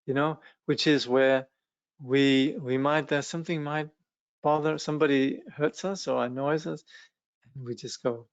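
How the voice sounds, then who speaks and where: A male teacher reads from a text and explains it, relaxed and a little hesitant, at a middle pitch. The sound is dull, dry and lo-fi, with no room echo. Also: moderate pace. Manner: relaxed, hesitant, with restarts and small laughs. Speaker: Buddhist studies teacher. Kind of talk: lecture, reading and commenting on a text.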